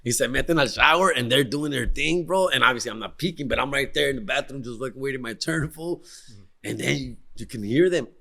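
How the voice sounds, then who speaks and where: Excitable slangy man. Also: mid-range voice, brisk, gravelly. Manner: slangy and excitable, mixing in Spanish. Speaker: podcast host. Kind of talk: casual storytelling.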